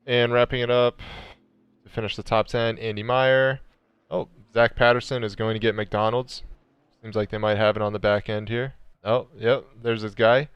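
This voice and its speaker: A man's voice: on the low side, little pitch movement, moderate pace, smooth, no room sound, highs cut off. A man, commentating an online sim race and bantering playfully with co-hosts.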